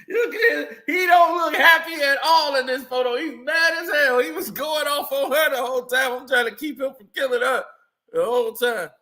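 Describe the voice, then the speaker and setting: Man, high voice, bright and sharp tone, laid-back photo commentary, laughs a lot, slangy storytelling. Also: normal speed. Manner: chatty, laughs often, loose slangy storytelling. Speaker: vlogger. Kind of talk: casual commentary over old photos.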